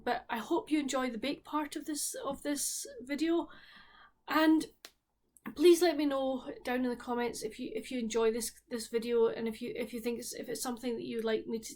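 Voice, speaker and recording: A woman from the Scottish Highlands, her accent colouring every word, speaks in a slightly high voice with a darkish tone. Whether reviewing a book or baking, she chats candidly and casually, as though with friends around her kitchen table.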